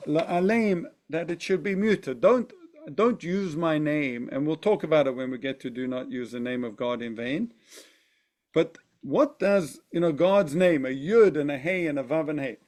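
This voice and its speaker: Slow, thoughtful man teaching a class. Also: a little high, darkish tone. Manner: thoughtful, often asks "right?". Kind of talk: text study lesson.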